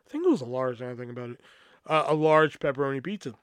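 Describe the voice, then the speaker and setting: A man's voice: mid-range voice, lively intonation, rapid-fire, smooth, no echo. A man hosting a podcast, telling a personal story in a rambling, profane, casual way full of fillers. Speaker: podcast host.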